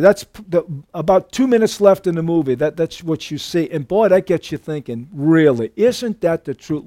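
A man's voice: high-pitched, animated, normal speed, hardly any pauses, warm tone, no echo, studio quality. A male pastor preaching a sermon, telling stories in a folksy, emphatic way.

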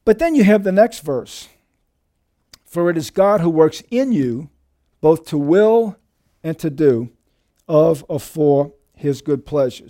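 A man preaching a sermon as pastor, emphatic and lively, often calling his listeners dear friends. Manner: emphatic preaching with lively shifts in pitch and volume.

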